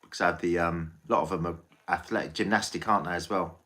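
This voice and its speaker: A man's voice: low voice, steady tone, quick pace, bright, forceful tone. An English man chatting casually on a live stream as a tarot reader, rambling and swearing freely.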